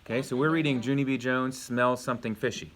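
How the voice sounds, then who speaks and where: A man's voice: mid-range voice, fairly even intonation, fast talker, background noise. A male elementary school teacher giving a home video lesson to young pupils, patiently asking questions and praising the answers.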